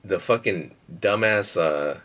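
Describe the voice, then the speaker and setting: A man's voice: on the low side, slow pace, a bit bright. A young man, a podcast guest, telling a rambling, profane story in casual chat and laughing between phrases.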